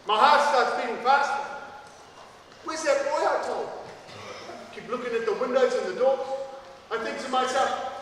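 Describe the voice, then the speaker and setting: A man tells a story to a room of schoolchildren, high in pitch and dramatic, swelling into loud bursts. He sounds far from the microphone in a big hall, with long reverb and a faint hum of ambience. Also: moderate pace, long pauses. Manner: dramatic, animated, builds to loud outbursts. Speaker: author and motivational speaker.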